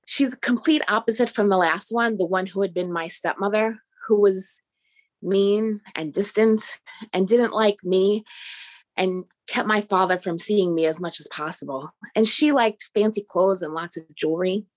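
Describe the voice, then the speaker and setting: A woman's voice: mid-range voice, normal speed. A woman telling a personal story in a vivid, descriptive, lightly amused way. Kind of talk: personal story told on stage.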